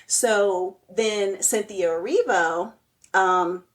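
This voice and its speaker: A woman's voice: medium pitch, drawn-out words, a crowd in the background. A woman co-hosting a podcast, animatedly retelling a TV episode in casual chat, full of "like" and acted-out quotes. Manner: animated retelling, heavy use of "like" and quoted asides. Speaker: podcast co-host. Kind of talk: casual chat recapping TV shows.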